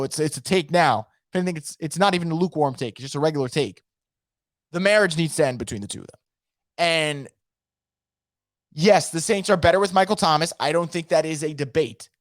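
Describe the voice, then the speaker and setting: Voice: mid-range voice, no echo, clean studio sound. A sports podcaster giving emphatic, opinionated takes straight to the listener in a solo podcast. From fan of a New Orleans team.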